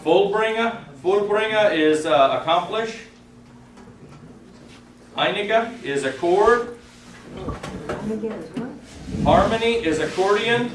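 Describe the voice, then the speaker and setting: A man leading a class, reading a vocabulary list aloud in a halting way, with many filler sounds and pleas to the class for help. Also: high-pitched, animated, slight background noise. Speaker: class leader. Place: classroom with a group of students. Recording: roomy class recording from far off, with a crowd behind.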